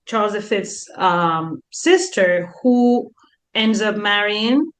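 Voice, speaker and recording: A woman's voice: mid-range voice, animated, takes it slowly. A woman co-hosting a history podcast in casual chat, telling stories and acting out historical figures in voices.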